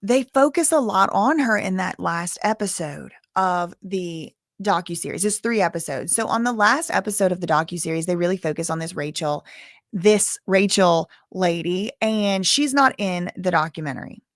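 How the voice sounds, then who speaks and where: A woman's voice: fairly low pitch, normal speed, dry recording, studio quality. A woman in her thirties, a streamer talking casually and self-deprecatingly, rambling with many restarts. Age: 30s. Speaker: commentary streamer. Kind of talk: casual chat.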